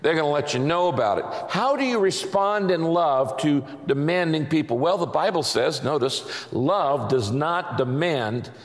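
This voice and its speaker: A middle-aged man preaches from the pulpit with an animated voice that leaps up and down in pitch. He sits slightly high for a man and drives home his points by repeating short phrases. The sound carries the long, lingering reverb of a big church sanctuary. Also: unhurried, hardly any pauses. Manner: emphatic, repeats catchphrases for the congregation. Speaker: pastor. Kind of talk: sermon. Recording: long reverb of a large hall.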